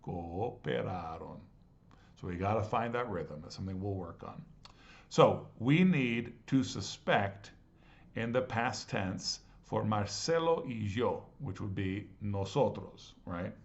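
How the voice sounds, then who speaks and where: Patient male teacher with a low voice, careful syllable-by-syllable delivery; slightly muffled lo-fi audio. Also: lively intonation. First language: English. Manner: patient, reads Spanish slowly and syllable by syllable. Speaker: Spanish teacher. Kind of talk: explaining grammar exercises.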